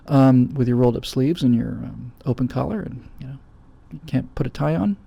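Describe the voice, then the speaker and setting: A man's voice: mid-range voice, fairly quick, creaky, warm tone, breathy edge, dry recording. A middle-aged man hosting a show, giving emphatic, blunt opinions in answer to viewer questions and acting out quoted voices. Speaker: host.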